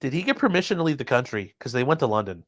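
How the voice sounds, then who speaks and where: A man's voice: mid-range voice, sing-song, rapid-fire, fairly bright tone, dry recording. A man hosting a casual livestream chat, rambling and laid-back. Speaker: host.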